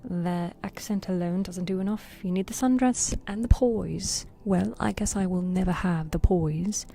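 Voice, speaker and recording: Soft-whispering woman, slow and mellow. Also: lowish voice, a little hiss or hum. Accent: Southern US. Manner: soft, playful whisper with teasing banter. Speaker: streamer. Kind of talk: ASMR whispering while reading chat.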